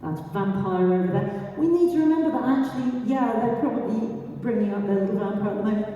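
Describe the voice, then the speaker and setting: A woman giving a live talk, chatty and lively, asking the audience questions as she goes. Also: medium pitch, quick pace, muffled recording. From England. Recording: echoey hall, mic far off.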